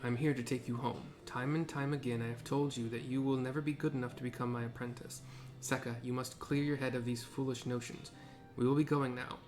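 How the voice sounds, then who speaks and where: A man voicing a stern, disdainful master swordsmith and father in a game, reading his lines in a formal, measured way at an ordinary pitch. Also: little pitch movement, music in the background, close to an everyday voice.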